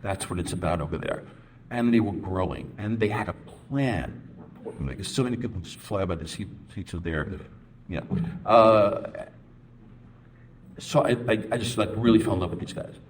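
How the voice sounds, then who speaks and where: A middle-aged man with a low, deep voice answers a question from the floor at a comics panel. He tells a long, rambling story and acts out what others said. A faint hiss runs under the recording. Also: normal speed.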